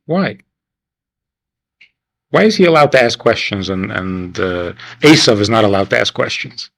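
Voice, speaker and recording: A man, a rabbi, teaching a class in a conversational way, asking rhetorical questions and acting out questioners in sudden high voices, on an archival 1990s class recording. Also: animated, a little slow, vocal fry, long pauses, a bit bright, poor audio. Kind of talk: animated classroom lecture.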